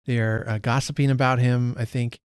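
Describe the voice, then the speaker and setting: A man's voice: mid-range voice, level tone, a little fast, clean tone, dry recording, clean studio sound. Man musing through a casual read-along. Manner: musing, self-correcting, thinks aloud. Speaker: book channel host.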